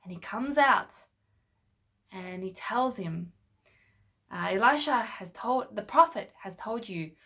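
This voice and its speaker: Here the storyteller's voice is medium in pitch, animated and slightly bright, and she never rushes. Using toy figures, she walks the children through a Bible story, patiently asking them questions as she goes.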